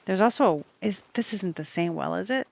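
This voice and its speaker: A woman's voice: mid-range voice, animated, a little fast, creaky, a little mellow. A woman streaming a cozy game, chatting in a rambling, casual way and talking back to the characters on screen. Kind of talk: casual gameplay chat. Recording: dull lo-fi stream audio with faint game music.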